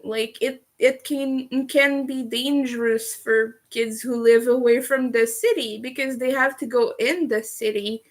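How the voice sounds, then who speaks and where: A Canadian woman chats through a relaxed livestream, taking her time over every sentence. Her voice sits a little high, and she laughs often and swears casually. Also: measured pace, hardly any pauses. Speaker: livestream host. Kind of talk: casual livestream chat while crocheting.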